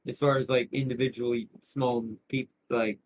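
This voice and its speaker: A man's voice: medium pitch, flat delivery, moderate pace, slight background noise, poor audio. A man streaming a strategy game, rambling through casual commentary with frequent laughs and restarted sentences. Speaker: gaming streamer.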